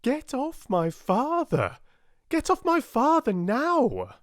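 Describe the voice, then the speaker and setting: A man voicing a young woman who is fiery when angered, raising his pitch and speaking emphatically in an audiobook. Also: a little slow, dark tone, no room sound, clean studio sound, lightly acted. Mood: furious. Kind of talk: audiobook character voice.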